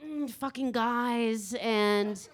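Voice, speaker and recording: A woman's voice: a little high, drawn-out words. A young Canadian woman doing stand-up crowd work in a comedy club basement, teasing the audience and swearing freely.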